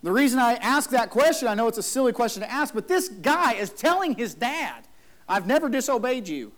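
A man's voice: very high-pitched, very animated, a little fast, a bit bright. A man preaching a sermon as a pastor in a church, emphatic, acting out the people in his story. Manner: emphatic, acts out the whining brother.

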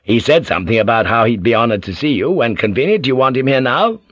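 A man voicing a gruff, hot-tempered samurai general who speaks bluntly and with urgency. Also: mid-range voice, expressive, fast talker, no echo, muffled recording, close to an everyday voice.

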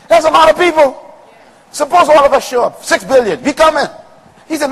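A man preaching a sermon to a congregation with call-and-response and rhythmic, shouted peaks. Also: very high voice, big pitch swings, normal speed, long pauses, breathy edge, a faint crowd. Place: large room with congregation. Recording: long reverb of a large hall.

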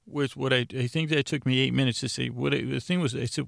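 A man hosting a sleep podcast, rambling and stammering in a deadpan comedic monologue. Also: medium pitch, quick pace, vocal fry, dry recording, studio quality. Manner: stammering, self-interrupting, deadpan.

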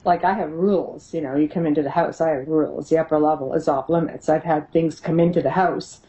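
A middle-aged woman recounts her paranormal investigations in an interview, her low, dark voice brisk and steady in tone. The recording is low quality. Her storytelling is casual and animated, full of laughter and impressions of the voices she quotes.

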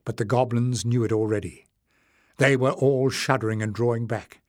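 A man narrating an audiobook in a measured, steady way. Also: mid-range voice, dry recording, studio quality. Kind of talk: scripted narration.

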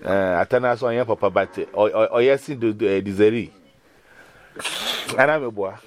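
Over a video call, a Ghanaian-accented man shares a personal testimony at a normal speed. He tells it with lively storytelling, his pitch jumping up and down.

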